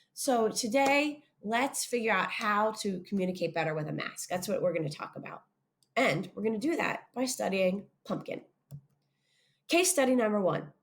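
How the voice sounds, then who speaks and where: A woman giving a chapel talk to young schoolchildren, expressive and lively, putting questions straight to the kids. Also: fairly high pitch.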